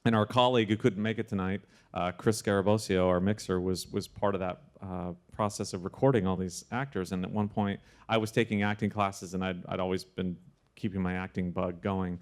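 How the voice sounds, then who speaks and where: A man, a sound supervisor, telling a story in a casual interview with animated delivery and frequent restarts. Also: deep voice, fairly quick.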